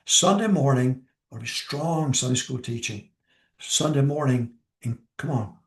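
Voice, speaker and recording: A man's voice: mid-range voice, moderate pace, reverberant. An older man, a pastor, giving informal advice on preaching and repeating his key lines for emphasis.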